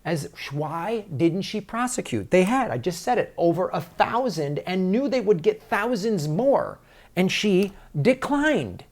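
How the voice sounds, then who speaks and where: A man hosting a political commentary show, ranting angrily and sarcastically, mocking politicians and swinging from loud outbursts to low mutters. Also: big pitch swings, unhurried. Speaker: comedian and political commentator host.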